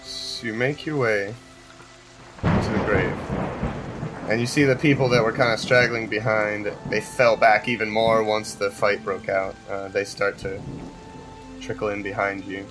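A man narrating a tabletop game as game master in a relaxed, casual way. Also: fairly low pitch, measured pace, music in the background, rough recording.

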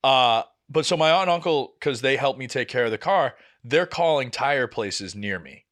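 A young man tells a long, exasperated story on a casual podcast. His voice sits at an ordinary middle pitch for a man. He swears freely and acts out the people in his story as he goes. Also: animated, moderate pace, a bit bright. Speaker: podcast co-host.

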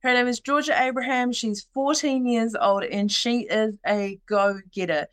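A woman's voice: fairly high pitch, steady tone, measured pace. A young adult woman, hosting a casual podcast interview in a bubbly, teasing way and laughing often. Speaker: podcast host.

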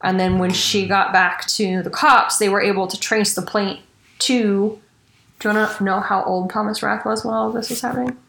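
A woman's voice: mid-range voice, fairly even intonation, normal speed, creaky, a bit bright, roomy sound, slight background noise. A woman hosting a casual true-crime podcast, chatty and swearing casually. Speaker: podcast host.

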